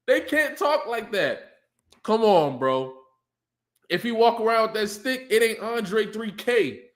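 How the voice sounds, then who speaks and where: High, animated man hyping rap bars. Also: unhurried. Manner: excitable, hypes up lines, breaks into shouts and laughs. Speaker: battle rapper breaking down diss tracks. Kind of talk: casual reaction commentary.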